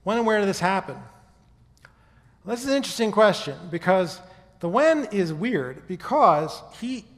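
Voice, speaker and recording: A man's voice: high voice, lively intonation, moderate pace, a bit bright. Man lecturing in a reverberant hall. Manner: conversational lecturer, often checks in with "okay?" and "right?". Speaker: speaker giving a talk on faith and history. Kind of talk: presentation to a live audience.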